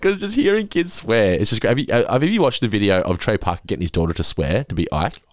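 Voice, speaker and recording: A man with a deep, low voice, chatting casually as a podcast host. His pitch swings widely as he talks, and he laughs easily, breaking into animated impressions. The sound is close and dry, with no room in it. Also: fast, dry recording. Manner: giggly, jumps into animated impressions when quoting. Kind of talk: casual recap chat.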